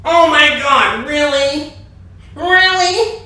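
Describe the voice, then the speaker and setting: A man's voice: extremely high pitch, drawn-out words, pushed and bright, pitched above the performer's own voice, full character voice. A man putting on the voice of an indignant woman at the laundromat, squealing and repeating himself in exasperation, recorded at a distance in an echoey room. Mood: outraged.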